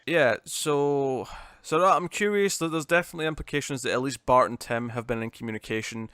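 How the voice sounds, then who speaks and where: A man in casual podcast chat, mid-pitched and easygoing. He rambles through his points with fillers and false starts. The sound is dry, with no room around it. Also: brisk, smooth, no echo. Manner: relaxed, rambling with frequent fillers and restarts. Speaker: podcast co-host.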